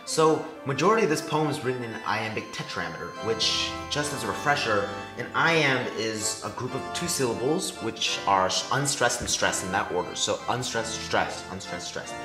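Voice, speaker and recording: A man's voice: medium pitch, lively intonation, normal speed, few pauses. Teenage boy explaining meter in an echoey room. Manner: explanatory, tapping out syllable stresses aloud. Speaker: student presenter. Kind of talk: class presentation. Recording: echoey room with faint music.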